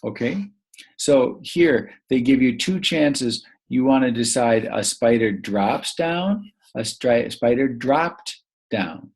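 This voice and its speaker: A man teaching a recorded grammar lesson to young children, patient and prompting them to pause and answer. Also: mid-range voice, expressive, slightly rough.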